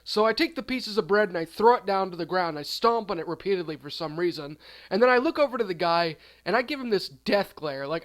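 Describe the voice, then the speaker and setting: Man, high voice, rambling comedic storytime, deadpan, trails off. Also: brisk. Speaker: storyteller, channel host.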